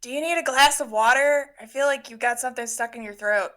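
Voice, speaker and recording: A woman's voice: fairly high pitch, fast talker, fairly bright tone. A woman playing a tabletop game, chatting casually and hedging her words. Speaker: player.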